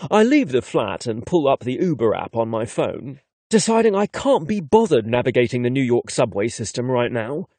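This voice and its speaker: A man's voice: mid-range voice, very animated, normal speed, a little mellow, breathy edge, no room sound. Cheeky male narrator. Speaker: audiobook narrator. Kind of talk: first-person romance narration.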